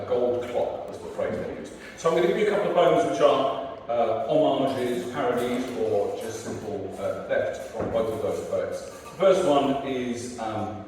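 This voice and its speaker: A man's voice: mid-range voice, darkish tone. Middle-aged guy from north essex doing open mic poems, punchy rhythmic delivery, echoey hall, sounds far from the mic. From North Essex, England. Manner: chatty asides, then rhythmic, punchy recital. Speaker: poet. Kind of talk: open-mic poetry reading. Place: live venue hall.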